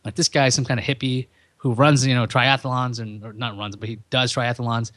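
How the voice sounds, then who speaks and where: A man's voice: mid-range voice, steady tone, fast talker, a bit bright, dry recording. A man hosting his own podcast, talking in a rambling, self-deprecating stream of consciousness. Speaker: podcast host. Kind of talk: solo podcast monologue.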